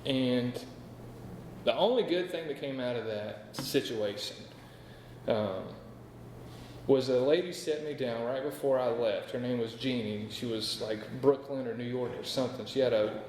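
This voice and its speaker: A man's voice: medium pitch, unhurried, darkish tone, a little hiss or hum. A man in his thirties from North Carolina, telling his recovery story to a meeting in a candid, rambling way, full of "like" and "right?". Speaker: AA speaker sharing his story. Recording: echoey hall with long reverb.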